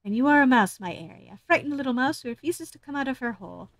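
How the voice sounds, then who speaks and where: A woman's voice: high-pitched, lively intonation, fast, no echo. A woman voicing a flamboyant male bard in a game, grand and theatrical. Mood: theatrical teasing.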